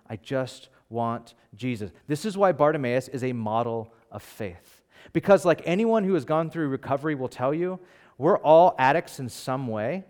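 A man preaching a sermon as pastor, animated and conversational, acting out voices from the story with casual fillers. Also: a little high.

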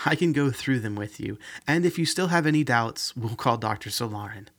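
A man's voice: a little fast, a bit bright. A man voicing an anxious young woman working in a medical lab, in a raised, questioning voice. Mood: worried. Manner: raised pitch, nervous and questioning.

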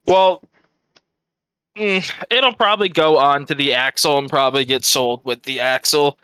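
A man co-hosting a podcast, rambling and thinking out loud in casual chat, swearing freely. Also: on the high side, normal speed, clear, resonant tone, no echo. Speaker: podcast co-host.

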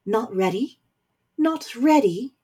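A woman voicing a stern, powerful middle-aged mother who is a warlock general, speaking forcefully with scorn. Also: mid-range voice, moderate pace, slightly rough, close to an everyday voice. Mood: stern scornful. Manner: forceful, scornful, rising to anger.

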